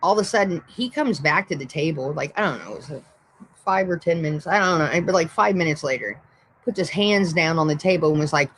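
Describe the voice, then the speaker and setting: Woman streamer, casual rambling storyteller, swears freely, low hum of room behind her. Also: quick pace, fairly bright tone, poor audio. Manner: profane, rambling, blunt. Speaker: livestream host.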